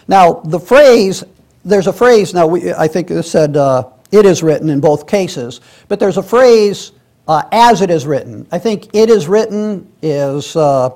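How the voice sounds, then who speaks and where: A man with a warm voice that sits high teaches a Sunday school class in a church. He reads scripture aloud and explains it conversationally, with many restarts and asides.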